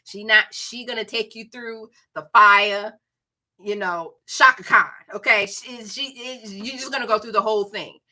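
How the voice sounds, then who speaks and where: A woman with a Southern accent talks through her recent reads in a loose, animated way. Her voice is bright and forward, with a playful, chatty tone aimed straight at her viewers. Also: medium pitch, measured pace. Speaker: book reviewer. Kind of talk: casual chat.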